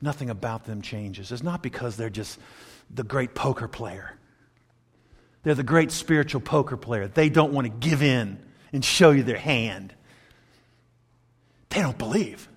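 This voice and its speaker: A pastor preaching a sermon, animated and chuckling between points as he acts out quotes. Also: mid-range voice, unhurried, pauses often, husky. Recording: long hall reverb.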